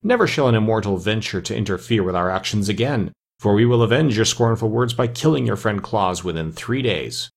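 A man with a husky voice voicing the proud, threatening king of a race of evil creatures in a storybook reading. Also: fairly low pitch, expressive, brisk, few pauses. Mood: furious. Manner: fierce, impudent, threatening.

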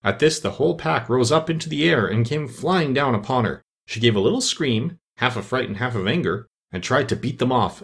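Male audiobook narrator, animated and expressive. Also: medium pitch, creaky. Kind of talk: storybook narration.

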